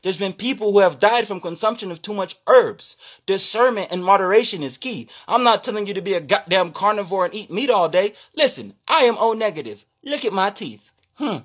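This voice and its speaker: A spirituality content creator rants on a live stream, loud, preachy and profane, his impassioned shouting dropping now and then into low asides. His intonation is lively and his pace fairly quick.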